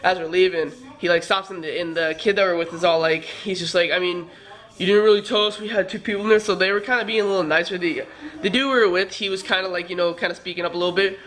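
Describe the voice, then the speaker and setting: A young man telling a story in a casual vlog, animated, swearing freely and acting out heated arguments while he sounds tired. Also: high-pitched, fast. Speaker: vlogger.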